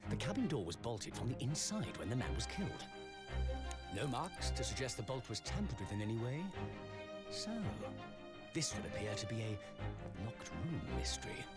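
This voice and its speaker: An actor voicing a self-assured male consulting detective with a British accent, in a theatrical, measured game delivery. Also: mid-range voice, sing-song, natural voice. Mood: deducing. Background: game music.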